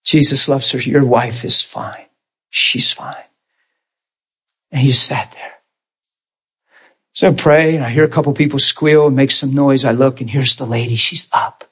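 A man preaching a sermon, telling stories in an animated way and jumping up in pitch when he acts them out. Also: normal speed, breathy edge. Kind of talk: storytelling sermon.

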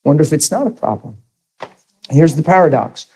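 Mellow-voiced preacher telling a story. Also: male voice, on the high side, expressive, normal speed, husky, low-quality recording. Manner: storytelling, earnest, asks the audience questions. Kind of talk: sermon.

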